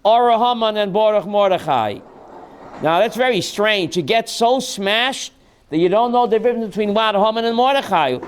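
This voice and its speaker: Joking rabbi with a high voice. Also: male voice, animated, moderate pace, clean tone. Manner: joking, calls on students by name, asks the class questions. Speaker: rabbi teaching a class. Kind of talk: Torah class with jokes.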